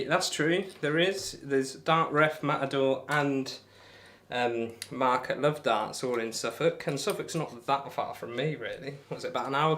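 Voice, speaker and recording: A man's voice: mid-range voice, a bit bright. A man chatting casually on a live stream, reading out viewer comments and bantering between darts throws in a rambling, friendly way. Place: home room while throwing darts.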